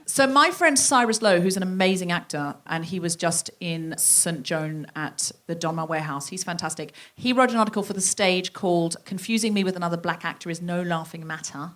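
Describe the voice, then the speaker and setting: A woman's voice: on the low side, brisk, few pauses, a bit bright. A woman hosting a live podcast, asking questions in an eager, exclamatory way. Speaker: podcast host.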